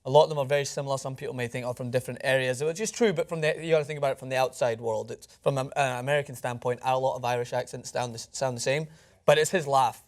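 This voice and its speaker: A man's voice: mid-range voice, steady tone, fast talker. A man co-hosting a sports reaction show, chatting casually and enthusiastically. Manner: enthusiastic, laughing often.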